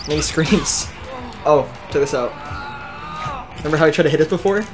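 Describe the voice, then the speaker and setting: A man's voice: on the high side, normal speed. Upbeat man explaining gameplay. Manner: enthusiastic, explains game moves. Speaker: gaming host, player. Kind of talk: casual gameplay commentary. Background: game music.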